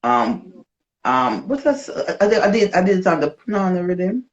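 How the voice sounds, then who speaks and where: A woman with a Jamaican accent, a dancehall artist telling her story in a casual interview, animated and slipping into patois. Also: lowish voice, moderate pace. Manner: animated, switches into patois, acts out quoted voices. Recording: dull lo-fi recording.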